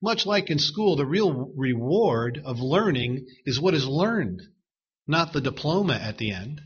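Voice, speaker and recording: Husky-voiced man preaching a sermon. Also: on the high side, very animated, lo-fi sound. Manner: measured, emphatic, repeats words for stress.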